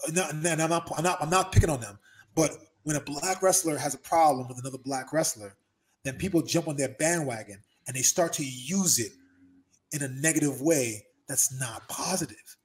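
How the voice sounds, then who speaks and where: Interview guest: man, fairly high voice, emphatic and animated storyteller. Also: a little fast. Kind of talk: casual interview talk.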